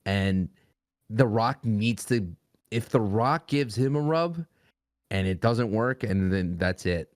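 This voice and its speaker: A man co-hosting a casual podcast, running the segment with brisk prompts and quick quips. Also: lowish voice, lively intonation, no room sound, clean studio sound.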